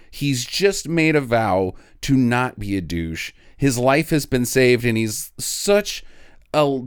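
A podcast co-host in casual comedic chat, retelling a film sarcastically with quick mock voices, swearing and laughing often. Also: mid-range voice, clear, resonant tone, dry recording, clean studio sound.

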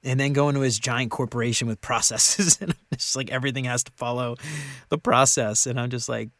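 Rambling animated male podcast co-host. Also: medium pitch, fairly quick, no echo. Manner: animated, rambling, laughs often. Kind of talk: casual chat.

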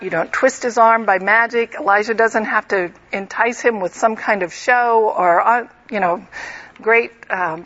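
A woman's voice: mid-range voice, fairly bright tone, dull audio. A woman teaching a Bible lesson, reading a passage and then explaining it in a conversational way with humorous asides.

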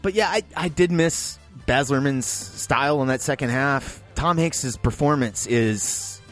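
A man co-hosting a film podcast, giving a blunt, heavily profane review in casual chat, his voice jumping high when he gets worked up. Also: measured pace, fairly bright tone, soft background music.

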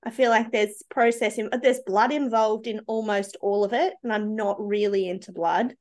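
A woman's voice: mid-range voice, steady tone, normal speed. A woman with an Australian accent, chatting as a podcast guest, rambling and thinking aloud with likes and ums. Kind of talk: casual podcast chat.

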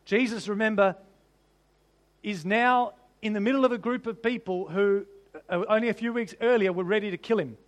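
A man delivers a lively, funny sermon, laughing often and stacking up rhetorical questions. His voice sits high and he speaks at a normal speed.

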